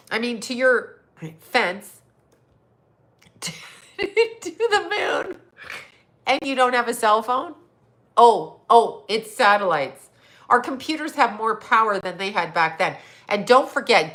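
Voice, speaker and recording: A middle-aged woman, a psychic and astrologer, chatting on a livestream in a hoarse, scratchy voice, mocking and sarcastic, laughing often and swearing. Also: medium pitch, a bit bright. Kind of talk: casual livestream chat.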